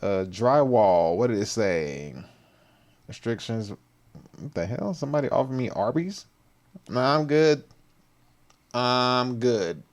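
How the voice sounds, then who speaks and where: A man's voice: mid-range voice, animated, slow pace, long pauses. A man hosting a casual livestream, talking loosely in slang and reacting to clips and comments as he goes. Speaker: livestream host.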